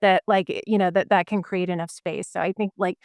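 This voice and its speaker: A woman's voice: lowish voice, fairly even intonation, a little fast, creaky, a little mellow, no echo. A woman co-hosting a podcast, talking conversationally with a few hesitations. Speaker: podcast co-host. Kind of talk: casual podcast chat.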